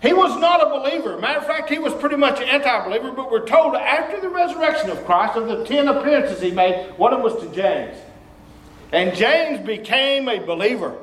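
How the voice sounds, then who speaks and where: A man preaching a sermon as a visiting preacher, emphatic and breaking into shouts. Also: very high-pitched, expressive, brisk. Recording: echoey room.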